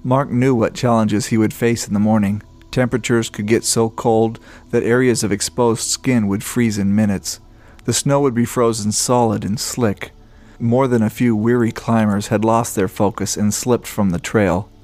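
Low-voiced guy narrating a story, steady, faint music behind. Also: normal speed. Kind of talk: scripted narration.

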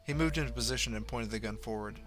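A man narrating a story in a steady, low-key way, dropping softer for inner thoughts. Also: fast talker, faint music behind. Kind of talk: audiobook narration.

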